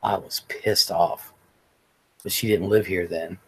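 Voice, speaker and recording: A man with a husky, slightly breathy voice sitting low in his range hosts a laid-back livestream. He rambles through stories, swearing freely as he chats with his viewers. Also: fairly even intonation, a little slow, a bit bright, rough recording. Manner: rambling, profane storytelling. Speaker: livestream host. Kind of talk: casual livestream chat.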